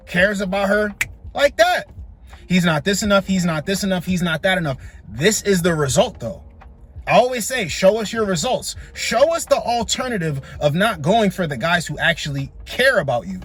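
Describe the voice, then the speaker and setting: A man's voice: high voice, fairly bright tone, slightly rough. A man hosting a reaction channel, giving blunt, scolding commentary that keeps repeating its points.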